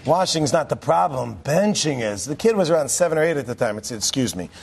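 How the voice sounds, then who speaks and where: A man, a rabbi, telling a story to a class in a lively way, acting out the quotes and asking the audience questions. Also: a little high, fast talker, gravelly, a little hiss or hum. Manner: animated, acts out quotes, asks the audience questions.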